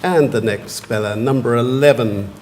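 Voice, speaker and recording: A man, pronouncing words clearly and giving short definitions at a spelling competition. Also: mid-range voice, a little mellow, some chatter behind, a little hiss or hum. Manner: measured, repeats each word clearly and gives brief definitions. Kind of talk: formal word pronouncing at a competition. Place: large museum hall.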